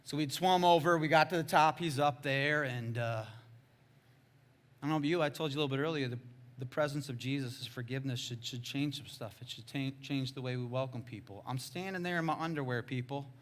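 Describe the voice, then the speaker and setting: A man preaching a sermon as a pastor, telling a story with lively, self-mocking humor and sudden swings between hushed and loud. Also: medium pitch, a little fast.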